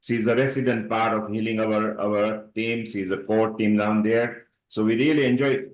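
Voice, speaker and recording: A man's voice: fairly low pitch, fairly even intonation, normal speed, reverberant, low-quality recording. Chatty man hosting a live show. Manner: chatty, reads viewer questions. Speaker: host. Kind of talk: live online talk show.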